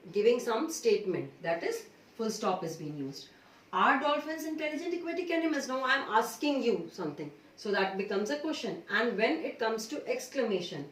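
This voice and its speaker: A woman teacher with an Indian English accent gives a grammar lesson, explaining patiently and often checking in with "okay" and "right?". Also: mid-range voice. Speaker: school teacher. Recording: echoey room, far from mic.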